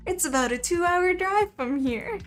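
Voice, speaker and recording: A woman's voice: very high-pitched, animated, moderate pace, fairly bright tone, faint music behind, voice pushed up. A woman voicing a stern older female sparrow who rides a scooter, with a put-on Southern US drawl. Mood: gruff.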